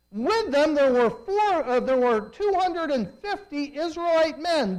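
A preacher giving a sermon, telling the story in an animated way full of rhetorical questions. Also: medium pitch, low-quality recording.

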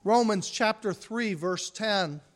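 Man, pastor, sermon, slow deliberate delivery, hushed-to-forceful swings. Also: high voice.

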